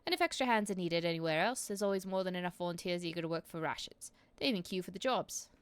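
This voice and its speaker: A woman's voice: lowish voice, expressive, fast talker, clear, resonant tone, natural voice. A woman voicing a stern male enforcer captain, officious and scornful, reading game dialogue aloud in stiff formal speech.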